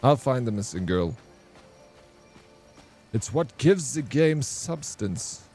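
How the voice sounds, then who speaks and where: A man with a mid-range, expressive, darkish, husky voice speaks at a slow pace while streaming, faint music behind him. He keeps up chatty gaming commentary, swearing freely, calling viewers bro, and replying to chat.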